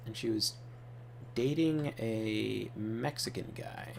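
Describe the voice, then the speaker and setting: Gravelly-voiced man rambling while gaming. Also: on the low side, very slow, noisy background. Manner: rambling, offhand storytelling while playing. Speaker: gaming channel host. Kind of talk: casual gaming commentary.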